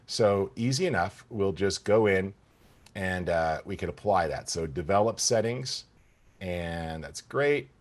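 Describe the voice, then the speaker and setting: A man teaching photo-editing software in an enthusiastic, conversational tutorial, talking straight to the viewers. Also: deep voice, animated, unhurried. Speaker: software instructor. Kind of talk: screen-recorded software tutorial.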